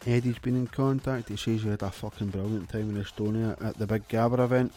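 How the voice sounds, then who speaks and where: A Scottish man hosting a radio show, reading listener texts in deadpan, sweary comic patter. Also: on the low side, fast, over loud music.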